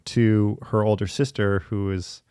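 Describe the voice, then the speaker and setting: A man in casual conversation, telling stories in a chatty, lively way with laughing asides. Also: fairly low pitch, a little slow, smooth, no echo, studio quality. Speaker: podcast guest in therapy talk. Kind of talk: casual storytelling.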